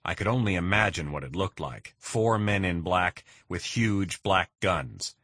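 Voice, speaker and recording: A man narrating a first-person crime thriller in a steady, measured reading. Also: deep voice, dry recording. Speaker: audiobook narrator.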